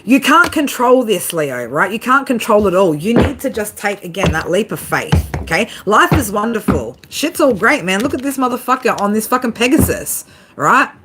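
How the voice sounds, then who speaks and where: A woman's voice: fairly high pitch, big pitch swings, moderate pace, heavy background noise. A woman giving a casual tarot reading to her viewers, swearing freely, laughing often and talking straight to them. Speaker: tarot reader.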